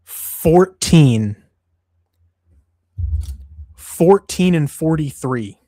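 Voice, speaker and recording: A man's voice: a little high, animated, extremely slow, warm tone, no room sound. A man hosting a casual MMA livestream, ranting in a profane, exasperated way. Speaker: MMA show host.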